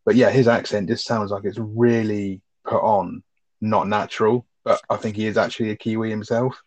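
A man's voice: fairly low pitch, fairly even intonation, normal speed, no room sound. Man laughing through podcast banter. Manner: amused, sweary, laughing often. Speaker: podcast co-host reviewing a film. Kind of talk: casual chat.

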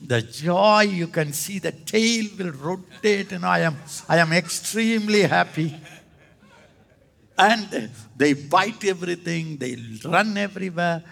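A male preacher, giving a lively sermon and often jumping into high, excited exclamations. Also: unhurried, gravelly. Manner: addresses listeners as "Thambi" and "Anna".

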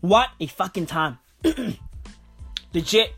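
A woman's voice: lowish voice, lively intonation, extremely slow, fairly bright tone, slightly rough, faint music behind. A woman hosting a podcast from a recording booth, with a stuffy, blocked nose, ranting in a profane, rambling, slangy way. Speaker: podcast host. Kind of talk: comedic rant.

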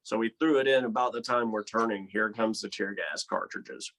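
A man from Georgia, a touring musician telling a wild road story in casual chat, profane and animated, acting out quotes. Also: on the low side, normal speed. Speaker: touring band musician, guest.

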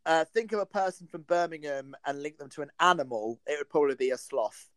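Brief: male podcast co-host, teasing and brisk, a touch high, dry close sound. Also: a bit bright, no echo. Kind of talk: casual chat.

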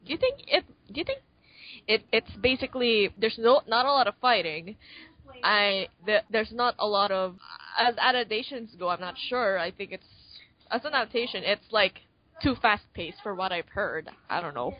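A woman co-hosts a podcast, chatting casually about a movie and rambling with plenty of fillers and restarts. Her mid-range voice is animated and moderately paced, with lo-fi sound quality.

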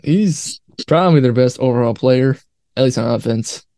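A young man co-hosting a casual sports podcast, easygoing and quick to laugh. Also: medium pitch, dark tone, no room sound, studio quality. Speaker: podcast co-host.

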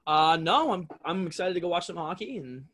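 A man's voice: high voice, expressive, brisk, a bit bright. A man in his twenties co-hosting a podcast at home, teasing his friends, laughing often and swearing freely in casual banter. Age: 20s. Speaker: podcast co-host. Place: home room.

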